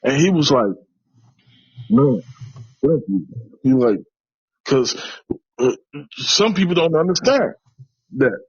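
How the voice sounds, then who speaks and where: A man's voice: a little high, sing-song, a little slow, pauses often, slightly rough, no room sound, dull audio. A middle-aged man from Chicago telling a personal story in an interview, in an earnest way, with many restarts. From West side of Chicago. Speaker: interviewee, tradesman.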